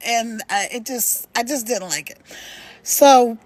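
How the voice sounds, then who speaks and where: A middle-aged woman hosting a live stream from home, telling a story in an animated, chatty way and laughing as she talks, into a phone. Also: fairly high pitch, normal speed, no room sound, poor audio. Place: at home, later walking in her backyard.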